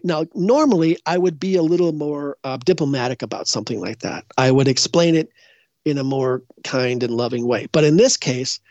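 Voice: medium pitch, darkish tone, dry recording. A psychic guest in an interview, telling stories in a casual, rambling way, restarting sentences and acting out what others said. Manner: rambling, frequent restarts and self-corrections; acts out other people's words when retelling. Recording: dull, dry lo-fi recording.

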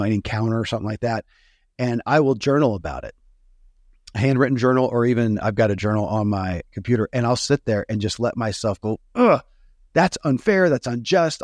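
A man's voice: on the low side, a little mellow, dry recording, studio quality. Earnest, musing man in conversation. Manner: earnest, musing, with many restarts. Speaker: podcast host. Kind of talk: casual reflective conversation.

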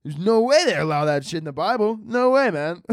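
A scandalized saint gasping at what he sees below, as a man puts him on. The voice leaps high with each exclamation and sounds close and dry, with no room around it. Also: lively intonation, normal speed, no echo. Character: bewildered saint peering down from heaven, male.

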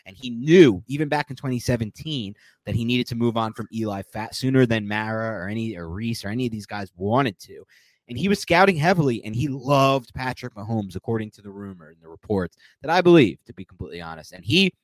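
A man with a medium-pitched voice talks fairly quickly, with no echo, as co-host of a sports podcast. He chats casually and animatedly, rambling and often correcting himself mid-sentence.

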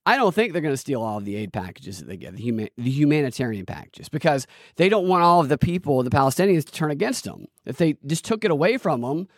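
A man's voice: a little high, very animated, fast talker, dry recording, studio quality. A man hosting a political commentary podcast, talking in a sarcastic, rambling, joking way. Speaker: podcast host.

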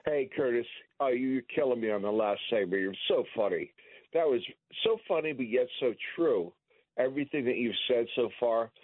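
A man's voice: medium pitch, normal speed, no room sound. Guy from pennsylvania calling in, amused and agreeing, dry tinny phone line. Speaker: caller. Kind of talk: call-in radio chat.

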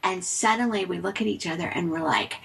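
A woman in a casual chat, telling a personal story in an upbeat way with a slightly breathy voice. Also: fairly quick, fairly bright tone, rough recording. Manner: upbeat, bursts high when playing out quotes.

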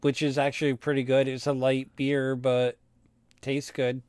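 Dude cohosting a podcast, slow and rambly, swears a lot, dry close sound. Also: male voice, medium pitch, little pitch movement, a little mellow, clean tone, no room sound. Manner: rambling, swears freely when telling stories. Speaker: podcast co-host. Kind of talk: casual chat.

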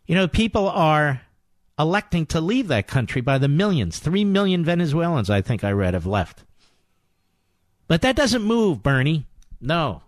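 Middle-aged male talk radio host; sarcastic, emphatic, repeats for punch; higher voice, dead-dry studio. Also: big pitch swings, unhurried, fairly bright tone, dry recording. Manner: combative, sarcastic, emphatic repetition. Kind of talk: political talk radio monologue.

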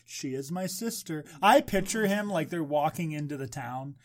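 A male co-host reads scripture aloud during a podcast chat. His voice sits a little high, and his reading is plain and even. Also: moderate pace, slight background noise.

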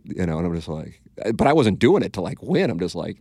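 A man's voice: sits low, very animated, fairly quick, dark tone, breathy edge, no echo, studio quality. A man with a St. hosting a podcast, telling stories in a blunt, profane, casual way and acting out quotes. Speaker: podcast host. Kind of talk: casual storytelling chat.

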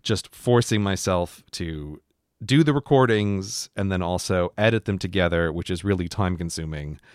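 A man's voice: deep voice, normal speed, smooth, no room sound, clean studio sound. A man co-hosting a podcast, chatting casually and reflectively, with lots of "like" fillers. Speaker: podcast co-host. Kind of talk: casual chat.

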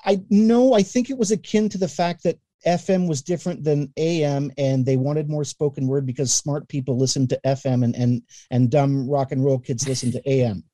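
A middle-aged man from Canada telling animated stories as a guest in a casual interview, sometimes acting out the voices he quotes. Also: mid-range voice, moderate pace, few pauses, no echo. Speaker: guest, newspaper columnist and radio voice.

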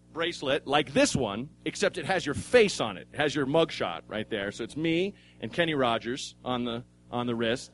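A man's voice: on the high side, fairly bright tone. A man doing stand-up in a comedy club, telling a rambling, self-mocking story with restarts and swearing. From Oregon, USA. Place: live comedy club stage.

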